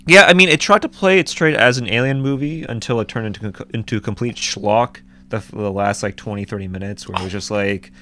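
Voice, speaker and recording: A man's voice: lowish voice, a little fast, hardly any pauses, sharp tone, slight background noise. A man co-hosting a casual movie review chat, speaking with frequent restarts and fillers. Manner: hesitant, many restarts and "um"s.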